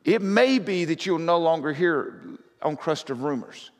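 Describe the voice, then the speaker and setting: A man preaching a conversational sermon as pastor, often rising to loud, fervent scripture reading. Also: fairly high pitch, animated, a little slow. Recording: reverberant hall.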